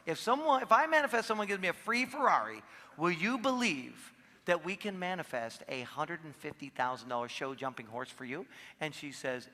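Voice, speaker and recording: A man giving a live seminar talk, telling stories in an animated way and acting out the voices of people in them. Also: sits high, in a large hall. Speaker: seminar speaker.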